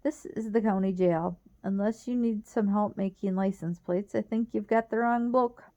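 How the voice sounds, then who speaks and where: A woman's voice: medium pitch, moderate pace, mellow, dull audio, natural voice. A woman reading the lines of a cocky young man in jail, in a wry, teasing tone.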